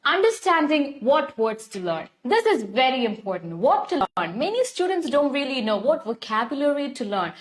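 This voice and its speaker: A young woman with an Indian English accent, voice pitched a little high. She teaches English to a live online class, spelling out each step and repeating herself. She turns to thank viewers by name. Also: sing-song, normal speed, hardly any pauses. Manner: repetitive, instructive, addresses viewers by name.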